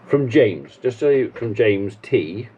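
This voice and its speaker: A man, a farmer vlogger, chatting casually and teasing in a jokey way while sitting in a car. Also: fairly low pitch. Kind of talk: casual chat. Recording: dull lo-fi sound with faint noise.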